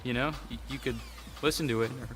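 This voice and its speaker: A man's voice: medium pitch, steady tone, fast talker, close to an everyday voice. A man voicing a shy, hesitant teenage boy in a game, mumbling as he hands over a mixtape. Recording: reverberant game audio over music.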